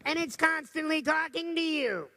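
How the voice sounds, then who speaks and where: A man's voice: very high-pitched, moderate pace, pushed and bright. A man giving a motivational talk to a live audience, telling stories and putting questions to the crowd. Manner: storytelling, asks the audience questions. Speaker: motivational speaker.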